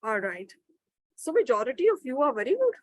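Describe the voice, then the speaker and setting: A woman's voice: high voice, sing-song, a little fast, darkish tone, no echo, low-quality recording. A woman teaching an interactive online grammar session. She reads out participants' answers and praises them. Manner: encouraging, reads out participants' replies. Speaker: webinar trainer.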